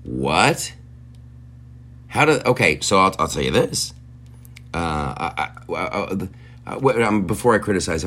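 A man hosting a comedy podcast, ranting in a profane, incredulous way with stumbling restarts. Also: low-pitched. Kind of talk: rambling comedic rant.

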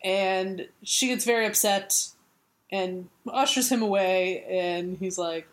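A woman co-hosting a casual comic book podcast, animated and argumentative, swearing freely as she recaps a story. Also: mid-range voice, measured pace. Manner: animated, swears freely, argues her point. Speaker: podcast co-host.

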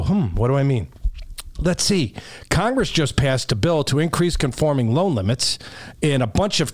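Animated, emphatic man. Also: medium pitch. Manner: animated storyteller, emphatic and repetitive. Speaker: radio co-host, mortgage professional. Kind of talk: casual political talk radio banter.

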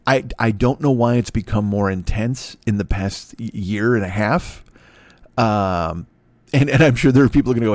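A man's voice: mid-range voice, sing-song, moderate pace, darkish tone, dry recording. A man hosting a solo podcast, rambling in a profane, self-deprecating way. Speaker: podcast host.

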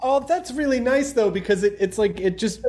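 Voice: medium pitch, expressive, fairly quick, a little mellow. An interviewer chatting casually and enthusiastically, praising the guest. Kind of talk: interview chat.

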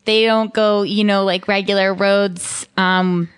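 A woman's voice: medium pitch, level tone, slow, clean tone, no room sound, studio quality. Playful bubbly woman comedy host. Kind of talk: improv comedy chat.

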